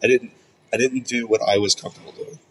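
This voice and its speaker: A man's voice: mid-range voice, fairly even intonation, fast talker, fairly bright tone, a little hiss or hum, poor audio. A man co-hosting a podcast, talking reflectively in casual chat with hesitant restarts. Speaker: podcast co-host.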